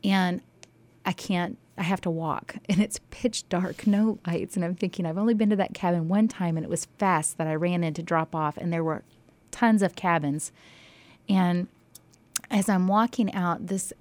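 Woman telling a god story all animated, kinda low voice, does little whispers for the quotes. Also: moderate pace, dry recording. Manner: animated, acts out quoted dialogue, drops to near-whispers. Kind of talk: casual faith testimony storytelling.

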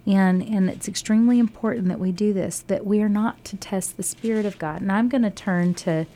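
A woman's voice: mid-range voice, fairly quick, mellow. A woman from Texas co-hosting a Christian radio show, talking earnestly through scripture with frequent restarts. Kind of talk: devotional radio talk.

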